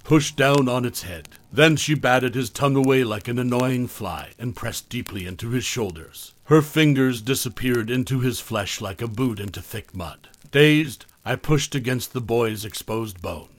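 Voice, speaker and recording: A man reading a scripted horror story aloud as the host, in a measured, calm storytelling manner. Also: mid-range voice, dry recording.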